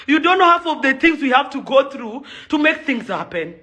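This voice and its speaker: Furious young Kenyan woman, bright voice. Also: high voice, sing-song, normal speed. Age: young adult. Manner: furious, emphatic, repeats her points. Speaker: socialite and event organizer. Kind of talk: angry video rant.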